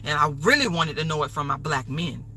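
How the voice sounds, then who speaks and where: A woman's voice: low voice, lively intonation, brisk, pushed and bright, slight background noise, poor audio. A woman hosting a livestream, delivering an angry, profane, repetitive rant. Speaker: livestream host.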